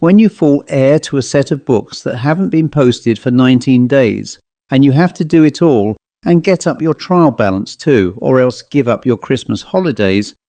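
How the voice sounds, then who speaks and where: A man reading a ghost story aloud in a measured, wry storytelling manner, as an audiobook narrator. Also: medium pitch, mellow, no echo.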